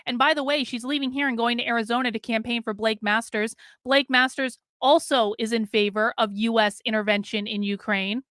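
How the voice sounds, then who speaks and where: A woman hosting a live stream, giving casual, opinionated political commentary in a fast, blunt manner. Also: on the high side, fairly even intonation, a bit bright, dry recording, clean studio sound.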